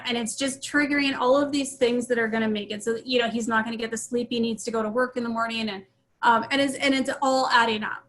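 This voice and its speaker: A woman's voice: on the high side, fairly bright tone, low-quality recording. A middle-aged woman, an interview guest, telling a personal family story in a frank, rambling way full of fillers and restarts.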